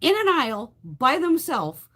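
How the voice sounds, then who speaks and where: Brief: woman beauty streamer, bouncy pitch, blunt and crude, animated storyteller. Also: measured pace. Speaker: beauty livestream host. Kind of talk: casual live chat while doing makeup.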